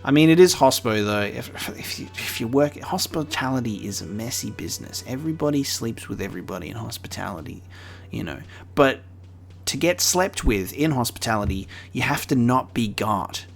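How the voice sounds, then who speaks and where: A man's voice: mid-range voice, expressive, normal speed, vocal fry, faint music behind. A man, joking and reading game dialogue aloud in a let's play. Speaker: gaming streamer.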